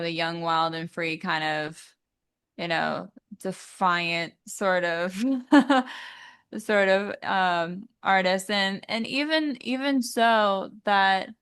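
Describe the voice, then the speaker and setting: A woman singer as an interview guest, talking thoughtfully with many pauses and fillers. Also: on the low side, fairly bright tone, smooth. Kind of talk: casual interview chat.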